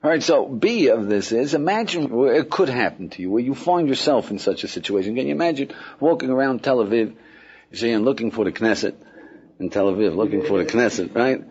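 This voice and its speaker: A man's voice: medium pitch, brisk, a little hiss or hum. A man teaching as a rabbi in an informal, conversational lecture, acting out everyday scenes and keeping the class with him through constant questions. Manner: conversational, keeps asking "right?" and "yeah?"; lively, acts out everyday scenes. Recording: dull lo-fi lecture recording.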